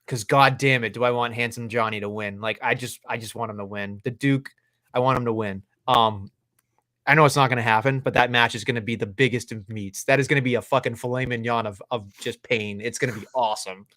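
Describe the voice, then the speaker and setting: A man's voice: mid-range voice, fairly even intonation, a little fast, bright, forceful tone, dry recording, studio quality. A man co-hosting a casual wrestling podcast, ranting with exasperated, profane energy. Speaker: podcast co-host.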